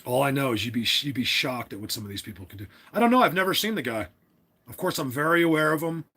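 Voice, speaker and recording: A man's voice: medium pitch, animated, fast, bright, forceful tone, husky. A man hosting a casual livestream, talking to his chat in an opinionated, rambling way with many restarts. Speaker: livestream host.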